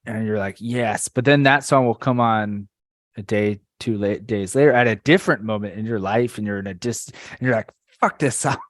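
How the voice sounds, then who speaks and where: A man hosting a podcast in casual chat, relaxed and profane, winding slowly into his questions. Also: on the low side, dry recording, clean studio sound. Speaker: podcast host.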